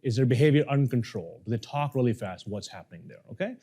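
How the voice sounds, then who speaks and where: A man teaching a live workshop on speaking, animated and playful, joking with the audience. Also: medium pitch, fast talker, slightly rough. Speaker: communication coach. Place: seminar room with audience.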